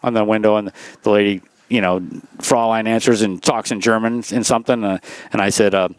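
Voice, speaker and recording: A man's voice: on the low side, fairly even intonation, fairly quick, clean tone, no room sound. A man in his sixties, a former racer telling stories in a casual interview, rambling with lots of "you know" and restarts.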